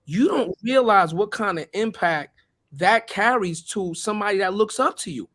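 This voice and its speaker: A raspy-voiced man with a notably high pitch for a man, co-hosting a podcast in casual chat. He speaks earnestly, building his points like a small sermon. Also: lively intonation, normal speed, a bit bright. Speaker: podcast co-host.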